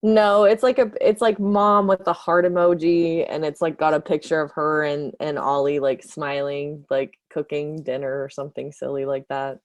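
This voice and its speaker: A woman's voice: deep voice, little pitch movement, moderate pace, few pauses, no room sound. A woman playing a tabletop game, casually describing her character in a rambling way full of fillers. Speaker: player.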